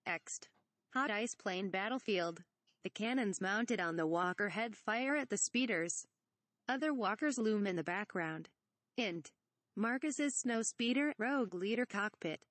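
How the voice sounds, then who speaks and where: A woman's voice: mid-range voice, animated, a little slow, fairly bright tone, no echo. A woman reads a parody script aloud, stage directions and speaker names included. Her voice sits in a middle range. The sound is dry and close. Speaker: reader.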